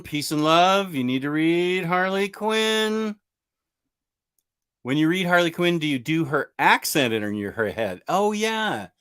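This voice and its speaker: A man's voice: a little high, bright, forceful tone, clean tone. Eager, rambling comic book host, man. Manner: enthusiastic, rambling, reading out viewer comments. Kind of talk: casual livestream chat.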